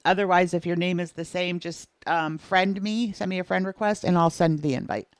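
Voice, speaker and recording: Woman, lower voice, smooth and clear, dry close sound, instructive livestream host. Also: steady tone, normal speed, no echo. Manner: plain, instructive.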